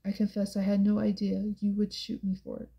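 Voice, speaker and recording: A woman voicing a brooding, intense young man in an audiobook, speaking softly and quietly, with a flat, gravelly, dark tone. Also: brisk, close to an everyday voice. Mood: soft, wry. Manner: soft, hushed and low-key. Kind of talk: audiobook character voice.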